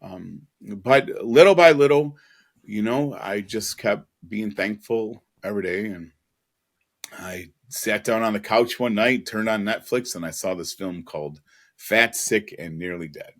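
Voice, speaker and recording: A man's voice: lowish voice, unhurried. A man telling an earnest, emotional personal story as a podcast guest, with casual asides.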